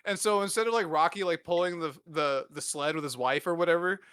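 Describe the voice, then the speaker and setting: A young man with a bright, forceful voice tells a rambling, filler-packed comic story. His pitch sits fairly high and the sound is dry and close. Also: brisk, smooth, dry recording. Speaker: podcast host. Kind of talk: casual crude comedy riffing.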